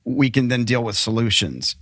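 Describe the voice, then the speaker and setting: A man hosting a podcast, chatting casually and acting out quick quotes in a friendly way. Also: mid-range voice, expressive, a bit bright, dry recording, clean studio sound. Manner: friendly, talks in quick bursts with acted-out quotes. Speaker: podcast host. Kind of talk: casual interview chat.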